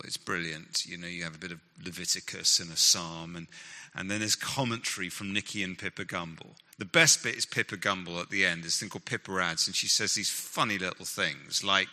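A man speaks on stage to a live audience, telling stories with energy, quick asides and the odd impression. His tone is bright and sharp. A long reverb from a large hall trails behind his words. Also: on the low side. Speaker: guest author and Christian leader. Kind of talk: animated talk to a live audience.

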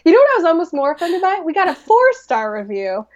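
A chatty woman from the United States co-hosting a casual podcast, her voice sitting well high. She talks in a self-deprecating way, with plenty of "like" and trailing phrases. The audio is a bit dull and lo-fi. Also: huge pitch swings, quick pace. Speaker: podcast co-host. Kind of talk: casual chat.

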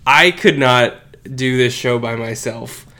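A man's voice: mid-range voice, unhurried, sharp tone. A man co-hosting a casual sports podcast from his home, teasing his partner and laughing often into a shared microphone. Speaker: podcast co-host. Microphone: shared studio microphone.

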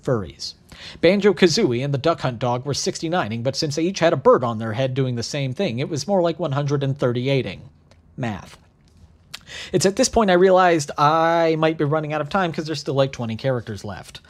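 A man in his thirties telling a crude comedic story in a deadpan voice, tossing in sarcastic asides. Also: fairly high pitch, moderate pace. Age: 30s. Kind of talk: comedic narrated monologue.

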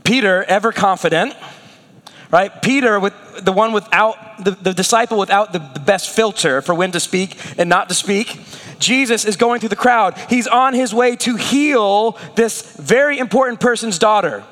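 A man's voice: sits high, moderate pace, a bit bright, big-room sound. A man preaching a sermon as a pastor, acting out the prayers and words of the people he talks about.

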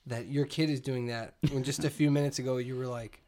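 A man's voice: medium pitch, fairly even intonation, fairly quick. Laid-back man who trails off. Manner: laid-back, trails off quietly, laughs often. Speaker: podcast co-host. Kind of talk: casual chat.

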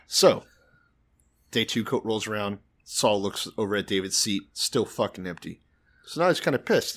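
A man's voice: fairly low pitch, expressive, moderate pace, fairly bright tone. A man casually retelling a Bible story with profane, sarcastic humor as a podcast co-host.

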